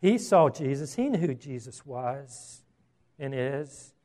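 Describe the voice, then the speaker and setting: A male pastor preaching a sermon in an animated, conversational way, with rhetorical questions. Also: medium pitch, slow pace.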